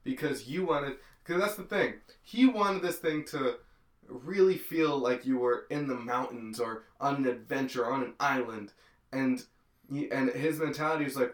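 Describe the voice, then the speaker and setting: A man's voice: medium pitch, normal speed. A man co-hosting a casual movie podcast, laid-back and blunt in his comments. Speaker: podcast co-host. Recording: echoey room.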